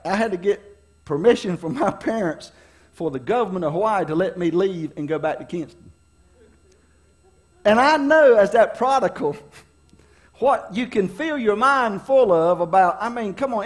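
A middle-aged pastor from preaches with a notably high-pitched man's voice. He tells folksy, funny stories from his own life, rising and dropping for dramatic effect as he draws the lesson. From North Carolina, US. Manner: folksy, humorous storyteller with dramatic swings in delivery. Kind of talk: storytelling sermon.

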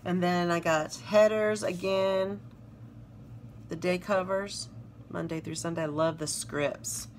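A Southern-accented woman from South Carolina, her voice fairly low and fairly even, talks slowly as she shows off planner stickers. She gushes over them and reads their phrases aloud in casual show-and-tell narration, with slight background noise.

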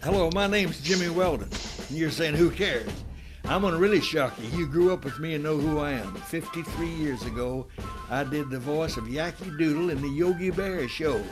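A man in his nineties telling stories with emphatic, theatrical flair in a recorded patriotic speech and recitation. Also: fairly high pitch. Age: 90s. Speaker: guest speaker. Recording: music playing behind the voice. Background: music.

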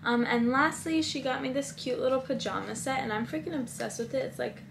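A woman's voice: high voice, brisk, gravelly, noisy background. A woman in her twenties, talking casually and gushing about her birthday gifts, with many "likes" and "ums". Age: 20s. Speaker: vlogger. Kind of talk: casual haul vlog.

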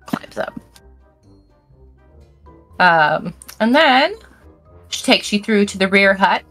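Woman game master, lively voice. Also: mid-range voice, slow, long pauses, faint music behind. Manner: casual, many fillers. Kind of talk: narrating a tabletop game.

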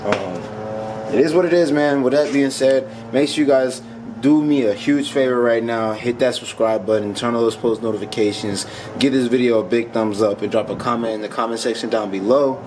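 A man's voice: medium pitch, normal speed, background noise. Frustrated man vlogging a car mod. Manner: frustrated, exasperated, laughing it off. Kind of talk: casual vlog.

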